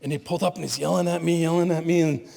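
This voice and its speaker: A middle-aged man giving an animated storytelling talk as a spiritual leader at a conference, laughing at his own stories. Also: fairly high pitch, rapid-fire, vocal fry. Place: conference hall. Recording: long hall reverb.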